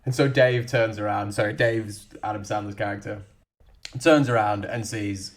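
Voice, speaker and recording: Sweary excitable man retelling a film. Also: fairly low pitch, moderate pace. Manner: sweary, excitable, laughing often. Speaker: podcast co-host. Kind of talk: casual chat.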